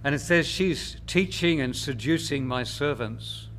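A man preaching a sermon in a slow, measured, emphatic way, with long pauses between phrases. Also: fairly high pitch, fairly bright tone, slight background noise.

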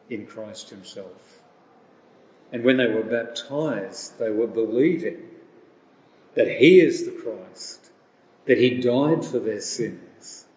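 A man preaching a sermon slowly and deliberately, asking rhetorical questions. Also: medium pitch, mellow. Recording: roomy with long reverb.

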